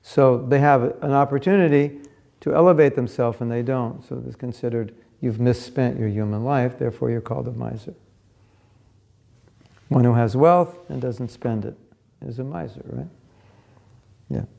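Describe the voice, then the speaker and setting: A man giving a scripture class in a relaxed, conversational way. His voice is dark and gravelly, and he often drops softer as he tells a story. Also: medium pitch, moderate pace, long pauses. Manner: conversational, storytelling, asks listeners questions. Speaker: class speaker.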